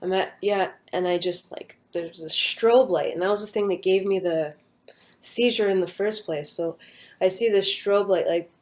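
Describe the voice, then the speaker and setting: A young woman casually recounting a personal near-death story, rambling with many fillers and an earnest, hushed manner. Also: medium pitch, normal speed.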